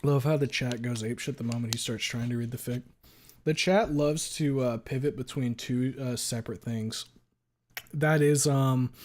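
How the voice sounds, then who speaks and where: A man's voice: medium pitch, moderate pace, darkish tone. A man streaming live and chatting casually with his viewers in a rambling, crude way, swearing a lot and talking back to chat.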